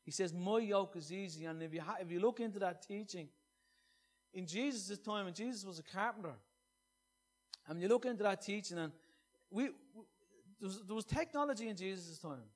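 Male preacher with a high voice, earnest, shifting from loud emphasis to hushed scripture. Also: a little fast. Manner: earnest, swinging between loud emphasis and soft hushed reading. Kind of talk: sermon.

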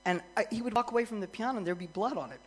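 A middle-aged woman preaching, her voice sitting in an ordinary middle pitch. She tells her story with lively energy, often getting louder. Faint music plays behind her. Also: very fast, husky, low-quality recording. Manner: animated storyteller, grows excited and loud, laughs. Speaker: worship minister. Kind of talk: sermon storytelling.

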